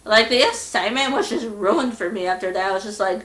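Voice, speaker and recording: Fairly quick with few pauses, a young woman at medium pitch runs through a storytime as a vlogger, casual and exasperated. She animatedly voices the people in her quotes, recorded in an echoey room.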